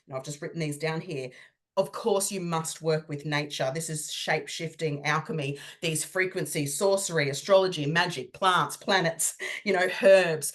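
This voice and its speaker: Chatty woman podcast host, rambling and gushy. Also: lowish voice. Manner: gushing, rambling, heavy use of "like" and "you know". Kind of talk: casual podcast chat.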